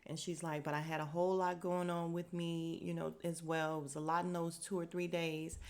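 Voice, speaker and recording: Sassy and animated, a podcast host recaps a reality show, acting out the cast's lines in casual conversation. Her voice is fairly low, and she talks briskly.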